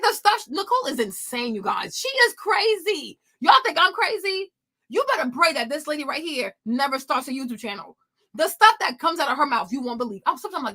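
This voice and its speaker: A woman hosts a casual commentary stream, talking directly to her audience. Her voice sits high and sounds bright and sharp. She is animated and emphatic, and she acts out her own past reactions. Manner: animated, emphatic, talks straight to viewers. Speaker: host.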